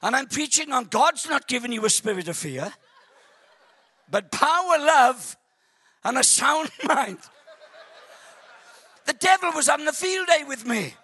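A man preaching a sermon in a church service, telling a funny story in an animated, joking way with stammering restarts. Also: extremely high pitch, unhurried, long pauses, breathy edge, no echo.

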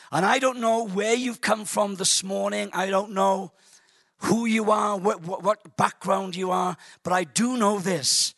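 A male preacher delivers a lively, joke-filled sermon to a church congregation. His voice is bright and slightly husky, and the recording is dry and close. He stammers and restarts as he gets carried along by his story. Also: high-pitched, unhurried, dry recording. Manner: animated, jokey, stammering restarts. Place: church service.

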